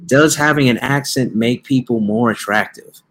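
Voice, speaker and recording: A man's voice: mid-range voice, moderate pace, a bit bright, a little hiss or hum. A man hosting a podcast in casual chat, telling meandering, jokey stories. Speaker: podcast host.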